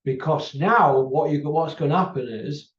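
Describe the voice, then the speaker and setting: Man, boxing vlogger, blunt mocking banter, higher pitch; distant echoey room, dull audio. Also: moderate pace. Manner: blunt, mocking banter, addressing people by name. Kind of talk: off-the-cuff rant to camera. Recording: roomy, distant, dull sound.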